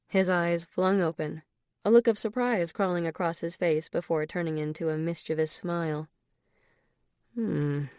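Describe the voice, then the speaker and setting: Female audiobook narrator, measured and intimate, low-set voice. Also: darkish tone, smooth, no room sound, studio quality.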